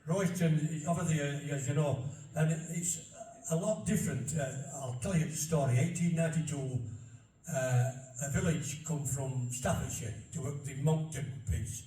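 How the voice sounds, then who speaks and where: Older man, broad Barnsley accent, folksy storyteller with a mellow voice, heard from far off in a roomy hall. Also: fairly high pitch, moderate pace, a little hiss or hum. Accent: Barnsley Yorkshire. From Barnsley, Yorkshire. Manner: folksy, anecdotal, repeats himself. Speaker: local speaker on dialect. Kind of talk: chatty talk to an audience.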